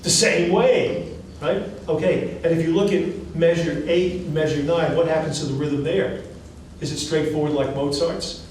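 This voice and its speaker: A male music professor teaching a class, asking students questions in an animated, encouraging way. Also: a little high, normal speed, few pauses. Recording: echoey classroom from far off, faint hiss.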